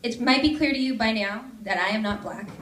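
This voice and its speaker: A woman's voice: fairly high pitch, a little fast, fairly bright tone. A woman in her thirties from the Seattle suburbs, giving a bubbly, joking conference talk as a campus ministry staff speaker, into a stage microphone before a large audience. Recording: echoey hall with crowd.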